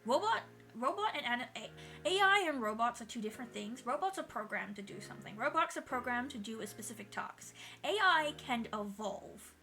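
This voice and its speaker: A woman's voice: fairly high pitch, lively intonation, brisk, pushed and bright, soft background music. A woman streamer chatting casually with her viewers while she draws, swearing freely and laughing often.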